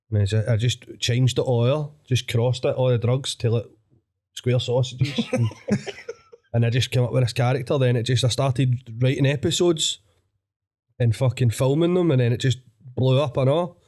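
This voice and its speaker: Sweary young Glaswegian comedian. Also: male voice, medium pitch, steady tone, moderate pace, darkish tone. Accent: Scottish, Glaswegian. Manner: sweary, rambling, laughs often. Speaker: guest comedian. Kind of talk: casual podcast chat.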